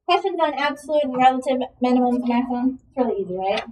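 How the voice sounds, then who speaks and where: A woman's voice: sits high, animated, fast talker, a little mellow, recorded from a distance, low-quality recording. A woman teaching a math lesson, asking the class questions and encouraging the students' answers. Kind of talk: classroom lecture.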